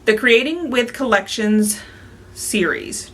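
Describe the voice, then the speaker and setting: Slow-talking woman muttering through bloopers. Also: medium pitch, a bit bright, a little hiss or hum. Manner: stumbles over words, corrects and talks to herself. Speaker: scrapbooking channel host. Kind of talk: casual voice-over with bloopers.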